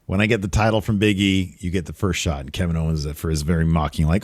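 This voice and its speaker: Low-voiced man recapping wrestling. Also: level tone, quick pace, no echo, studio quality. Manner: opinionated, trails off and restarts. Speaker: wrestling podcast co-host. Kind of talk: casual recap chat.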